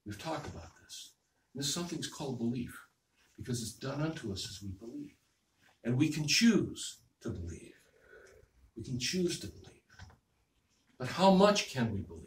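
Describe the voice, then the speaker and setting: A male minister giving a sermon in a relaxed, conversational way, repeating phrases and checking in with the congregation. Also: mid-range voice, moderate pace, long pauses. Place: church hall. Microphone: distant room mic. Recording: echoey hall, distant mic, faint noise.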